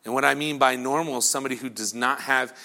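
A middle-aged man preaching a sermon, telling the story in an animated way and acting out crowd voices and whispers. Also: medium pitch, quick pace, creaky. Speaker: pastor.

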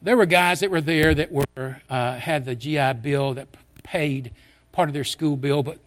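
A man's voice: fairly high pitch, moderate pace. An older man preaching, telling a personal story in an earnest, conversational way with many restarts.

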